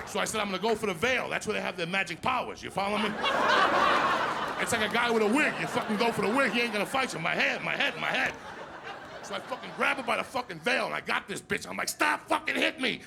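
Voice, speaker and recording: A man doing a crude stand-up set, telling stories loudly and asking the crowd "you understand me?" again and again. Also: high voice, animated, vocal fry. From New Jersey. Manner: crude, loud, rapid storytelling, repeating "you understand me?". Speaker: stand-up comedian. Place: live comedy stage with audience. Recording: live stage mic with crowd noise.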